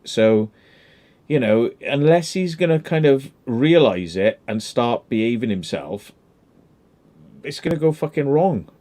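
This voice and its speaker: A man's voice: fairly low pitch, darkish tone. A man, hosting a casual commentary chat, blunt and emphatic with heavy swearing. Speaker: channel host.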